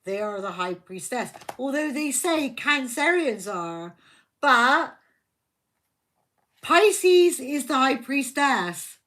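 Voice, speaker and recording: Woman doing a tarot live, slow rambly chat, kinda high voice, repeats herself a lot. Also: very animated, a bit bright. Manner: talks to viewers by name, affectionate. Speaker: tarot reader hosting a live stream. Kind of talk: casual live-stream chat.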